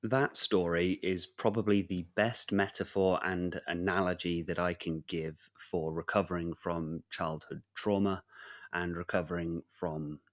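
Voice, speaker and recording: A man hosting a podcast, narrating a story in slow, measured, deliberate phrases. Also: low voice, steady tone. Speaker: podcast host.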